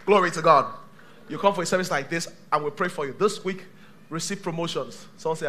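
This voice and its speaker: A male pastor preaching a sermon to a live church congregation, dramatic, swinging from shouts to hushed tones. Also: on the high side, quick pace, a little hiss or hum.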